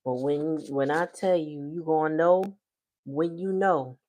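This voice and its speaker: Low-voiced woman doing a chill tarot livestream, loose slangy chatter. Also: a little slow, dark tone. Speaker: tarot reader. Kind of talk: casual livestream tarot reading.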